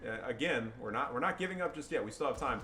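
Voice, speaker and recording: A man's voice: mid-range voice, expressive, fast, music in the background. Profane man giving game commentary. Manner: profane, bursts into yelling and laughing. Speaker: gaming commentator. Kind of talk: casual gameplay commentary. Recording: game sound under commentary. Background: game gunfire and ambience.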